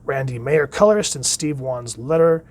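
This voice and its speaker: A man hosting a casual solo comic book review. He reads the comic's dialogue aloud with enthusiasm, and his voice often trails off quietly at the end of phrases. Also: mid-range voice, animated, normal speed.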